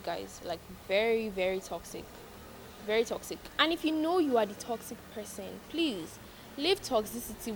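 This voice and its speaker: A woman's voice: a little high, slight background noise. A young woman vlogger giving emphatic, preachy advice to her viewers, repeating lines for stress. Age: young adult. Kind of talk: casual advice monologue to viewers.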